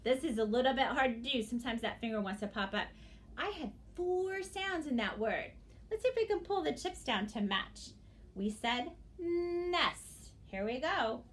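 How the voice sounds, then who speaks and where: A woman teacher giving a phonics lesson to young children, sounding out words slowly and praising often. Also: high-pitched, expressive. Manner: slow, exaggerated sounding-out of words; encouraging praise.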